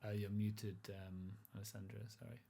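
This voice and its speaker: A man narrating a tabletop role-playing game as game master, relaxed and rambling, with lots of fillers and restarts. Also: fairly low pitch, moderate pace, vocal fry, a little hiss or hum.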